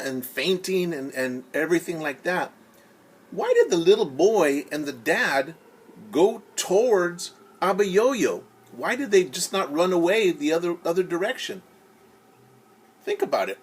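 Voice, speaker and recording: A young man teaching children, musing aloud with gentle questions during story time. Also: sits high, lively intonation, a little slow, slightly rough.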